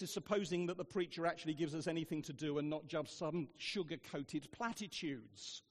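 A man's voice: high-pitched, long reverb tail. A man preaching a sermon, telling funny stories with dry asides, in a church. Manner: humorous storytelling, dry asides.

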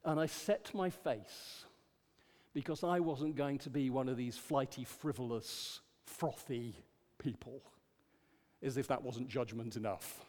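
An older man preaching a sermon, rising to emphatic declarations and dropping to quiet storytelling. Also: mid-range voice, measured pace. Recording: long hall reverb.

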